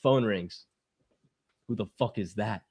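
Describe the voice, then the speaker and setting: A man's voice: lowish voice, slow pace, breathy edge, no echo, clean studio sound. A young man, a guest on a talk show, telling a story in casual chat, swearing freely and acting out the quotes. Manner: profane, animated, acts out quotes.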